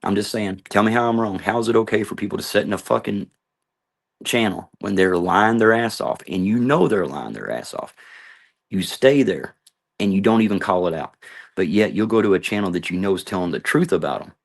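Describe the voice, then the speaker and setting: Middle-aged man, gravelly low voice, angry confrontational vlog rant. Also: expressive, brisk. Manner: heated, confrontational, swearing. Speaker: vlogger. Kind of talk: ranting monologue to camera.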